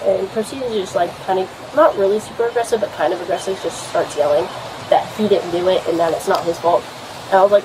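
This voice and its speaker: Young woman telling an officer her side, rambling and profane, mid-pitched, faint ambient noise. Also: a little fast. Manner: rambling, full of fillers and swearing. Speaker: woman giving a statement to police. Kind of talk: recounting an argument to an officer. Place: at a home. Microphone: police body camera.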